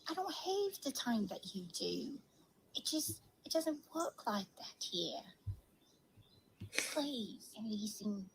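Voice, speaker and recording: A grumbling female kangaroo vlogger, put on by a woman with an exaggerated Australian accent, dragging out every complaint at a very slow pace. The voice sits a little high, and faint noise hums under the played-back clip. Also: very animated, gravelly, full character voice, low-quality recording. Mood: complaining. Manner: slow rambling drawl, complaining.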